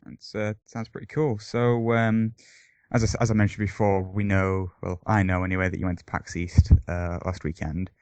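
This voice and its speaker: A man hosts a casual podcast, working his way through questions with plenty of hesitation and fillers. His voice sits low. The sound is dry and close, with no room echo. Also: level tone, normal speed, darkish tone. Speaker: podcast host.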